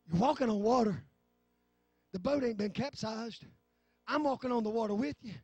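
A man preaching a fervent sermon in church, swinging from low talk to shouting. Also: a little fast, breathy edge, dry recording, studio quality, faint music behind. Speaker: pastor. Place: church sanctuary.

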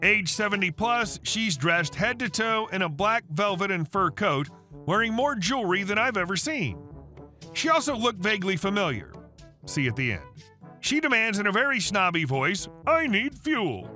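Man, story narrator, high and lively pitch, steady synthetic read, soft music bed. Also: moderate pace. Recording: faint music underneath.

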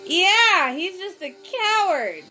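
A woman reacts to a TV episode in casual commentary, talking back to the screen. Her voice sits high and swings widely. She speaks at an unhurried, drawn-out pace, and the show's music plays clearly behind her. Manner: expressive, exclaiming, talks back to the screen. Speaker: reaction video host. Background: TV episode audio playing.

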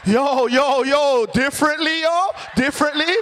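A man's voice: unhurried, slight background noise. A man putting on a slangy swaggering street flirt. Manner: loud, slangy, pitched-up swagger.

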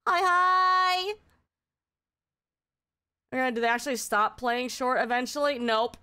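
A woman streaming live and chatting casually, excitable and heavily profane, her voice still recovering from strain. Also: fairly high pitch, fast talker, slight background noise.

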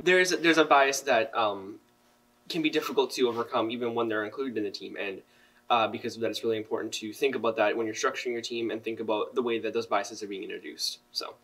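A teenage boy guests on a casual podcast, talking quickly in a polite, articulate way. He sits a little back from the mic. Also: mid-range voice, pushed and bright, far from the mic, rough recording. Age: teens. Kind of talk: casual chat.

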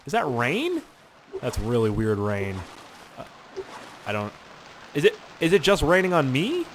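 A young man chatters through a survival game, joking and arguing with himself. His pitch swings widely and freely, with faint ambient game sound underneath. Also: huge pitch swings, a little slow, pauses often, a little hiss or hum. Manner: rambling, joking, talks to himself. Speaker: gaming channel host. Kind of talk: let's play game commentary.

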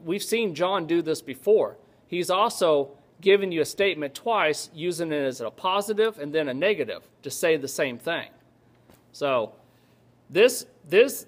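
A male pastor giving a Bible teaching sermon to his congregation, in a casual, digressive way that often checks in with the listeners. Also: on the high side.

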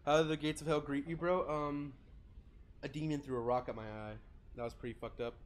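A man's voice: fairly high pitch, fairly even intonation, brisk. A young man live-streaming, chatting casually with a joking, sarcastic, swearing manner.

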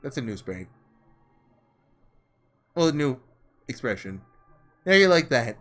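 A man's voice: medium pitch, sing-song, unhurried, a bit bright, soft background music, pitched below the performer's own voice. A man voicing a scornful young man from the slums, speaking in a slangy, mocking drawl.

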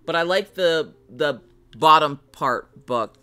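A bright-toned woman talks casually on a live stream, thinking aloud as she works. She greets viewers between thoughts, and a little music plays softly behind her. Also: sits low, lively intonation, takes it slowly. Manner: chatty, thinks aloud while drawing, greets chat.

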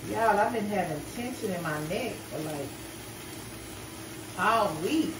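A worn-out woman speaking chats to her viewers in a slow, laid-back way while cooking at home. Her voice rings in an echoey room, with clear background noise behind her. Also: mid-range voice, expressive. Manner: laid-back, tired, talks to viewers as y'all with casual swearing. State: sleepy, exhausted. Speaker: vlogger. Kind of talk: casual vlog chat to camera. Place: home kitchen, indoors.

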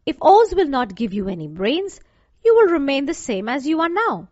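A woman voicing a polite, curious little girl in a storybook reading, with a bright, surprised manner. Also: high-pitched, very animated, normal speed, no room sound. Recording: dull dry lo-fi recording.

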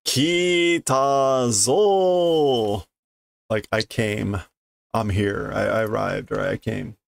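A man reading a comic aloud and translating it as he goes, thinking aloud with halting restarts and fillers. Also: fairly low pitch, flat delivery, creaky, slightly rough, no room sound, studio quality. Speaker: Japanese learner reading a comic on stream.

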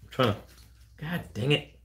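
A man, a dog breeder answering questions on a casual live stream, blunt and animated, quoting callers in a raised voice. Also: mid-range voice, normal speed, a little hiss or hum.

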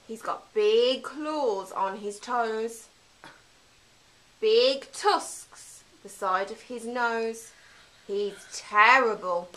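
A woman's voice: on the high side, very slow, a bit bright, low-quality recording. A woman doing a small brave mouse. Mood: warning. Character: small brave male mouse warning of a monster.

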